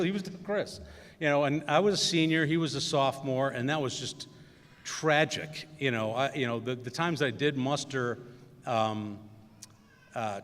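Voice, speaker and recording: Fairly bright and medium in pitch, this middle-aged Wisconsin man's voice carries a commencement speech full of fillers and humble, self-deprecating anecdotes. He's the invited guest speaker, recorded with the echoey reverb of a school ceremony hall.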